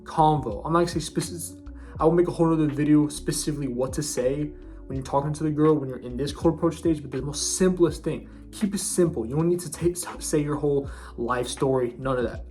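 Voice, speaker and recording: Young guy, slangy bro advice vlogger, slightly high voice, faint music behind. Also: fairly quick, a little mellow. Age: young adult. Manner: bro-ish slang with frequent restarts. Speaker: self-improvement vlogger. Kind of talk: casual advice monologue.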